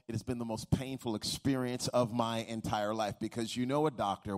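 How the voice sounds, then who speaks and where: A middle-aged man preaching a sermon, telling a humorous personal story full of restarts before building into a rhythmic preaching cadence. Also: mid-range voice. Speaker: pastor.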